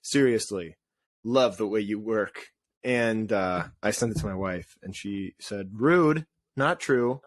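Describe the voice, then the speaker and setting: A man co-hosting a casual podcast, telling rambling, self-deprecating stories in an animated way. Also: on the low side, unhurried, no room sound. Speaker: podcast co-host. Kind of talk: casual chat.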